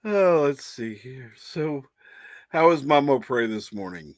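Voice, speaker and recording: A man's voice: medium pitch, animated, unhurried, dry recording. A man hosting a casual livestream, reading the chat aloud and laughing often. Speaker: livestream host.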